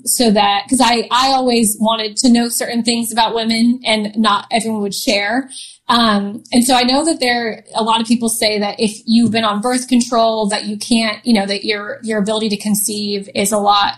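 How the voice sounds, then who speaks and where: Through poor audio, a fairly high-pitched woman in her thirties shares a personal story as a podcast guest in a casual interview. Her delivery is chatty, punctuated by frequent laughs, fillers and restarts.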